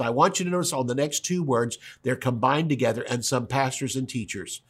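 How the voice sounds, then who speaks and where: A man's voice: medium pitch, a little fast, few pauses, husky. A male pastor teaching verse by verse on a broadcast, stressing and repeating key words.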